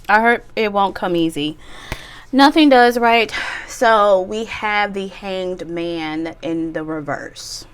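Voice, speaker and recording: Woman doing a chatty tarot reading, smooth clear voice, cheeky and playful, mid pitch. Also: takes it slowly. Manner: chatty and playful, with bawdy jokes and bursts of laughter. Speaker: tarot reader. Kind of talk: casual pick-a-card tarot reading.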